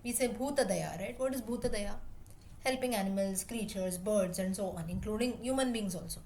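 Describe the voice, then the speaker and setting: A woman's voice: mid-range voice, fairly quick, darkish tone, slight background noise. A woman teaching a class, explaining word meanings patiently and repeating terms as she rephrases. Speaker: Sanskrit teacher.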